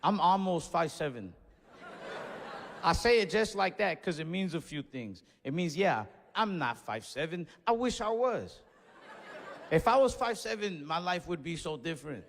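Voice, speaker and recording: Animated young stand-up comedian, reverby hall. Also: male voice, on the high side, normal speed, slight background noise. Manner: animated storytelling with escalating outbursts. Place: comedy stage before a live audience.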